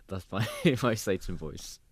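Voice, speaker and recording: Deep-voiced, tired young host. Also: male voice, husky, no echo. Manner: dry, teasing, laid-back. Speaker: podcast host. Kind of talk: casual chat.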